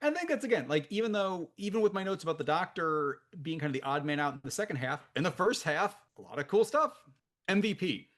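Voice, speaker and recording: A man co-hosting a film podcast, his voice swinging up and down with lots of movement. His pitch sits a little high for a man. He chats casually and pokes fun at himself, often breaking into laughter. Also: brisk. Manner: animated, self-deprecating, laughs often. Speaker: podcast co-host.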